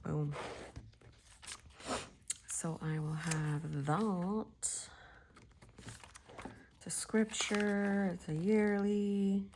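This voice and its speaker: A woman in her forties with a mid-range, steady voice chats and giggles while setting up her planner, stretching out words and leaving long pauses. She often drops to a soft whisper, and there's background noise.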